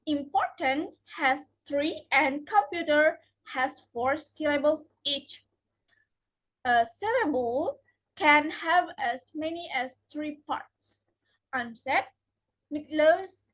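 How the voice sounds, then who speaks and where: A woman's voice: sits high, a bit bright, low-quality recording. A young woman reading out a prepared lesson, carefully stressing each example word, speaking English as a non-native speaker. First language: Indonesian. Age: young adult. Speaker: student presenter.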